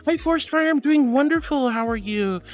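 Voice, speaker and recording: A VTuber streamer chatting with viewers live, affectionately calling them honey and sweetheart, moving between soft reassuring advice and high excited thanks. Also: normal speed. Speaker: VTuber livestreamer. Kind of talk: casual livestream chat reading and pep talk. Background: faint music.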